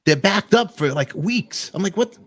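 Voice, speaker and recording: A man hosting a talk show, telling an emotional story in a rambling, animated way with sudden jumps in pitch. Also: normal speed, no echo. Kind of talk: emotional casual monologue.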